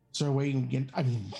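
Woman player, lowish husky voice, hesitant, faint music under. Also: darkish tone. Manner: hesitant, repeats herself. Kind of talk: casual tabletop play.

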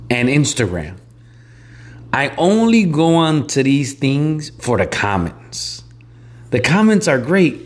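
A man with a slightly high voice that swings up and down a lot, chatting on a casual podcast. He talks in an excitable, animated way and repeats his points. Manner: animated, excitable, repeats himself, calls his co-host "bro". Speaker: podcast co-host. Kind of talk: casual chat.

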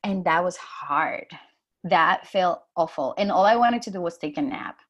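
A woman guest recounts a personal story in easy conversation. She talks with lively swings and jumps up high whenever she acts out what she once said. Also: unhurried. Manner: animated, acts out her own past lines in a raised voice. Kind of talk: casual storytelling.

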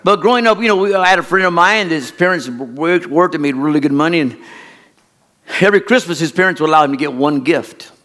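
A middle-aged man preaching a sermon as a pastor, telling a folksy, rambling childhood story in an animated way. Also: a little high, brisk.

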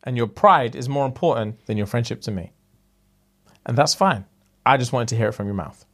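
A man's voice: mid-range voice, animated, brisk. A man in casual banter, acting out scenes and pleading dramatically.

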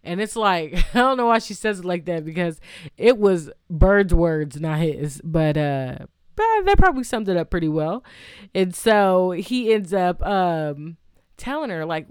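A woman's voice: on the low side, lively intonation, a little slow, darkish tone, clear, resonant tone, dry recording, studio quality. A woman casually retelling a movie's plot, rambling with fillers and restarts and reacting aloud to what happens. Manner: chatty, reacts aloud to the story. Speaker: movie recap vlogger.

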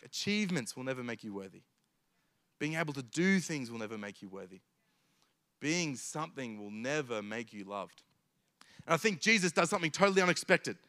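A man's voice: medium pitch, moderate pace, pushed and bright. A man preaching a sermon in an earnest way, building his points through emphatic repetition.

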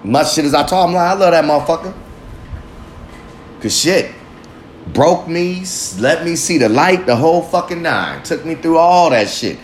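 This man, hosting his vlog, delivers an emphatic, swear-heavy motivational monologue to himself at normal speed. His voice is expressive and leans high. The echoey room has faint ambience and a little hiss or hum.

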